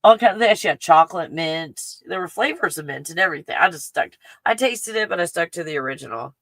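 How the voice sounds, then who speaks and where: Rambling, excitable Texan woman. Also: lowish voice, quick pace, dry recording. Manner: excitable, chatty, full of "like" fillers. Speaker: livestream host. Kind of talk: rambling casual livestream chat. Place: home in the mountains.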